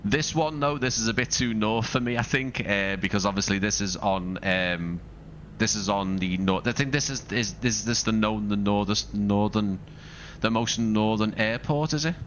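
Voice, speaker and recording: A man's voice: on the low side, moderate pace, fairly bright tone, slight background noise. Chatty Scouse man streaming a game. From Liverpool, England. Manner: rambling, thinks aloud, chatty asides to viewers. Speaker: flight sim streamer. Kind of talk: casual live-stream commentary.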